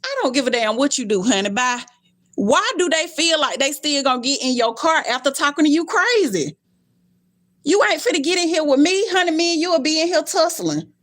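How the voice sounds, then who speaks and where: A young adult woman live-streaming to her viewers, telling stories animatedly, cussing bluntly and jumping in pitch. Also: lively intonation, brisk, fairly bright tone.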